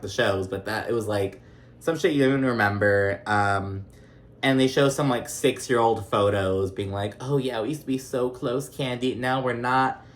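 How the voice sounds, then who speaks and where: A young man hosting a casual reality TV recap vlog. He talks in a chatty, profane way and keeps slipping into mocking voices of the cast. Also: mid-range voice.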